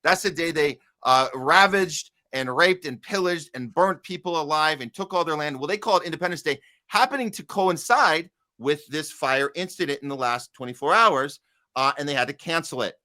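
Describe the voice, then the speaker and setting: A man's voice: a little high, moderate pace, pushed and bright. A man hosting a political podcast, talking in a loose, rambling way with lots of fillers and reading out headlines. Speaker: podcast host. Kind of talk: casual political commentary.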